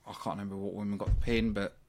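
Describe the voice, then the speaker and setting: A man's voice: lowish voice, little pitch movement, very fast, darkish tone. A man with a British accent hosting a wrestling review show, talking casually and giving blunt opinions with frequent ums. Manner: chatty, opinionated, many ums and asides. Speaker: wrestling review podcast host.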